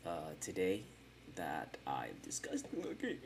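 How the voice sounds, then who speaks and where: A man hosts a casual solo podcast from home, talking into a desk mic while streaming. He rambles and swears freely, mocking himself as he goes. His pitch swings widely, from low mutters up to sing-song chants. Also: lively intonation, unhurried, slight background noise. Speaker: podcast host. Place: at home in front of a camera.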